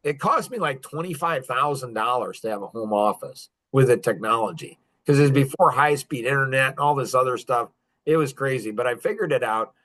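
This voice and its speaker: A man in his fifties spins stories for a podcast, boastful and joking. He laughs often between his lines, and his voice sits at a middle pitch. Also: a bit bright. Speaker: podcast guest. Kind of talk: casual storytelling.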